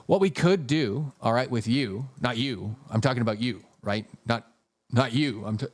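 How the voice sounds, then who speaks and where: A man's voice: mid-range voice, normal speed. A man hosting a live stream, talking casually through stock charts and reading viewer super chats, swearing freely. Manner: profane, jokey, reads super chats aloud.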